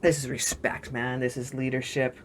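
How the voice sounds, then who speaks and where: A woman giving a storytelling tarot reading in an excitable, dramatic and profane way. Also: extremely low pitch, moderate pace, a little hiss or hum. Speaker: tarot reader.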